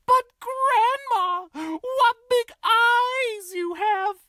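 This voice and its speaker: A storyteller voicing a sweet little girl in a red hood, high and wide-eyed. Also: drawn-out words, sharp tone, no echo, studio quality, full character voice. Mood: concerned.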